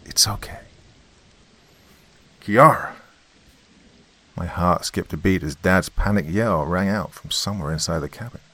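A man's voice: sits low, brisk, hardly any pauses, a bit bright. A man narrating a first-person horror story with a tense, dramatic reading.

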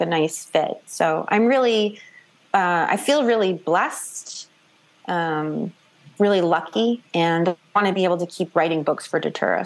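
A woman author from the New York area talks through her story in a relaxed interview. She is chatty and animated, slipping into quick put-on voices for the people she quotes. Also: lowish voice. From New York / New Jersey. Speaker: author guest. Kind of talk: casual interview chat.

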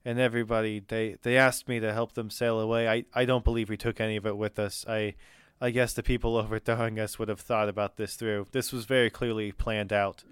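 Guy playing an earnest noble lady captain, stammers a bit, smooth dry sound. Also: lowish voice, flat delivery, no room sound, natural voice. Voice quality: halting, stammering.

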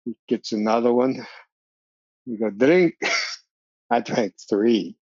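An older man sits as a guest and tells stories with relish, jumping into the voices of others and laughing along the way. His voice sits at a middle pitch. The recording is dry and a little dull. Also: takes it slowly, husky, no room sound. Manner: animated storyteller, acts out quoted voices, laughs often. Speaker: podcast guest. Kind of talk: storytelling in a casual interview.

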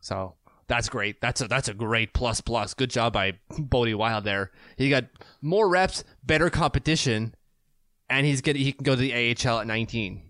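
A man from Canada co-hosting a podcast over a video call, talking casually and excitably, often restarting sentences and jumping up in pitch when he makes a point. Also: moderate pace, no room sound, studio quality. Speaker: podcast co-host. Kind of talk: casual sports talk. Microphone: remote video call.

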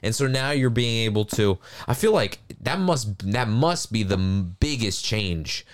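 A man's voice: fairly low pitch, expressive, measured pace. A man co-hosting a podcast, talking in a chatty, reflective way and musing aloud on feelings. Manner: chatty and reflective, lots of "like" fillers. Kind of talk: casual podcast conversation.

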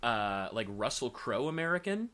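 As a guest on a podcast, this man, a voice actor, talks at normal speed in a mid-range voice. He's casual and animated, laughing a lot and swearing freely.

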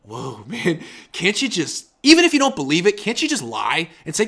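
Young male sports writer guest, animated and bright-toned, acts out quotes in casual chat. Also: high voice, brisk. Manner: animated, acts out quoted players with big loud jumps.

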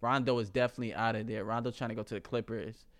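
Fast-talking young man, casual podcast banter. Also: mid-range voice, fairly even intonation. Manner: quick, joking, profane banter. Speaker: podcast co-host. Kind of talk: casual chat.

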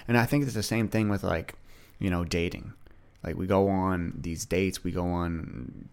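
A man's voice: sits low, steady tone, normal speed, darkish tone, clean tone. A young man hosting a solo podcast, talking casually and rambling with many restarts. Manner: rambling, chatty, frequent restarts and "like". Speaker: podcast host.

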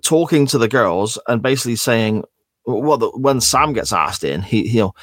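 A man co-hosting a podcast, calmly retelling the story step by step. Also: medium pitch, moderate pace, no room sound, clean studio sound. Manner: steady, methodical retelling with small restarts. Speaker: podcast co-host. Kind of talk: casual recap chat.

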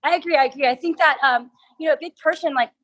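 A woman's voice: sits high, rapid-fire, a bit bright. A woman interviewed as a guest, explaining investment ideas step by step with examples. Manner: explanatory, walks through examples. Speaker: guest, crypto investment entrepreneur. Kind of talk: conversational interview.

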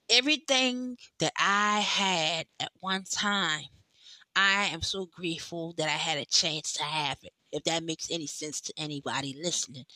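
Woman doing a podcast monologue, slow and heartfelt, bright voice, dry close mic. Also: lowish voice, no echo. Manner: emotional, heartfelt, speaks straight to listeners; slow and drawn out, with long pauses. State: tearful, overwhelmed. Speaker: podcast host. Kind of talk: personal monologue.

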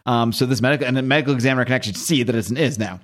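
A man's voice: mid-range voice, very fast. A man hosting a casual podcast, chatting and recapping a comic book, often acting out the characters and laughing at himself. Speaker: podcast host.

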